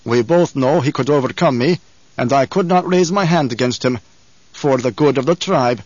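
A man voicing a proud, gruff older desert leader who growls his words slowly and weightily, on a dull lo-fi recording. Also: a little high, dry recording, close to an everyday voice. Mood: grave.

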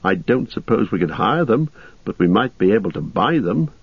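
A man's voice: mid-range voice, very animated, brisk, husky, no echo, pitched above the performer's own voice. A man voicing an anxious young male hobbit who pleads doubtfully, on a dull lo-fi recording. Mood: pleading.

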